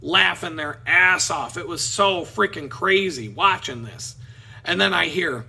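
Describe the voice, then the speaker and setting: A man vlogging, telling a story in a casual, profane, animated way. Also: sits high, measured pace, vocal fry, husky. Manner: profane, animated, laughing at his own story.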